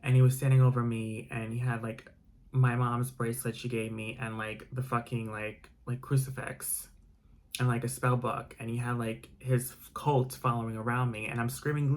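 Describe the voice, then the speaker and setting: A man's voice: medium pitch, flat delivery, moderate pace. A young man retelling a dramatic personal story, emotional and full of "like" fillers. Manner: emotional, heavy use of "like" fillers.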